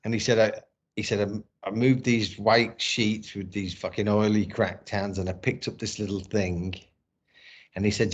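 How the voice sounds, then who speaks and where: A man's voice: on the low side, flat delivery, normal speed. A middle-aged man telling a personal story in a casual interview, candid and emotional, swearing often. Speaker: podcast guest, former boxer and actor. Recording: dull lo-fi sound.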